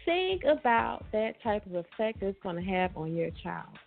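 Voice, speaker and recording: A woman co-hosting a radio talk show preaches emphatically, repeating her points. Her medium-pitched voice is creaky and sing-song, at a moderate pace. The audio sounds tinny and phone-like, as on radio, with faint music behind.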